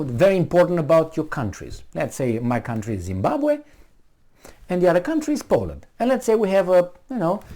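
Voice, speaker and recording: A man's voice: a little high, darkish tone. A man giving a heated, sarcastic running commentary, mocking and arguing with the people he talks about. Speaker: political commentator. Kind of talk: ranting video commentary.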